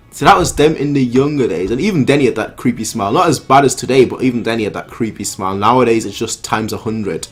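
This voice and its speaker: A man hosting a manga reaction, reading panels aloud and commenting excitedly, often repeating himself. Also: quick pace, hardly any pauses, husky, soft background music. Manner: excitable, repeats himself, reads dialogue in a lower voice.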